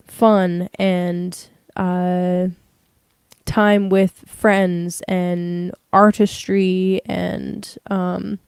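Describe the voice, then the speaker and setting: A woman's voice: mid-range voice, darkish tone, clear, resonant tone, no echo. A young woman giving a casual livestream tarot reading, rambling with many fillers. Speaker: tarot reader.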